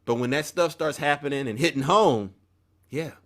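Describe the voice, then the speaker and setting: A man's voice: on the high side, moderate pace. A man hosting an opinion commentary show, talking emphatically in a preachy tone and often breaking off mid-sentence. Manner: emphatic, preachy, self-interrupting.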